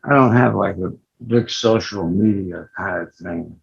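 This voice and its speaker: An older man speaks in a gravelly, husky voice, halting and low-key, pausing often as he chats. The audio is dull and lo-fi, like call audio. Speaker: guest actor. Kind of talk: casual interview chat.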